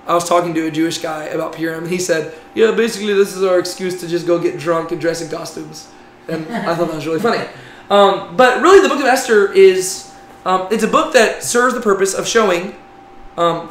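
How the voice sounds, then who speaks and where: A man's voice: high voice, fairly bright tone. A man teaching a Bible class in a conversational way, often checking in with "right?". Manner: conversational, frequent "right?" tags. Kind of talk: casual Bible class lecture. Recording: echoey room with faint noise.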